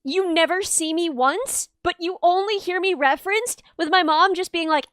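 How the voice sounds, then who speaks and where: A young woman with a very high, bright voice tells animated, laughing stories over a casual stream. She sits close to a dry mic with no echo. Her delivery is lively and chatty. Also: normal speed. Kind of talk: casual chat, storytelling.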